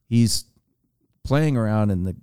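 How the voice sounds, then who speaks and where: Low, mellow man telling a story. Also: measured pace, clean tone, no echo, clean studio sound. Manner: animated anecdote teller with restarts. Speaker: podcast guest. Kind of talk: casual storytelling.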